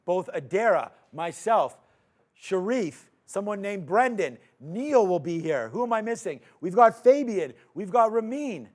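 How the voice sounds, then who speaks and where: A man hosting a live market show, giving loud, energetic shout-outs to viewers. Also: high-pitched, measured pace. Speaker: host.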